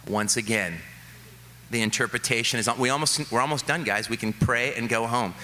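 A male pastor preaching a sermon, telling stories about his kids with lively excitement and then settling into soft, earnest reflection. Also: medium pitch, moderate pace. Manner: animated storytelling, quoting his kids with rising excitement.

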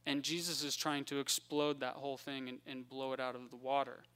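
A man preaching a conversational Bible-teaching sermon, acting out the characters in quick voices. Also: medium pitch, little pitch movement, fairly bright tone, clean tone.

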